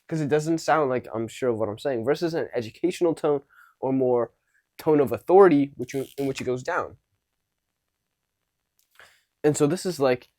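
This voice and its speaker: A man's voice: a little high, moderate pace, pauses often, a little mellow, dry recording. Man coaching, dry close sound. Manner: demonstrates tones of voice, shifting between unsure and commanding. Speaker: social skills coach. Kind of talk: casual teaching to camera.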